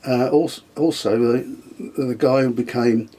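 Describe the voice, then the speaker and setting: Older man, husky, mid-pitched, hesitant storyteller. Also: fairly even intonation, a little slow, dark tone. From England. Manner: hesitant, many ums and restarts, chuckles often. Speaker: interviewee, the host's father. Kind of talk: casual reminiscing interview.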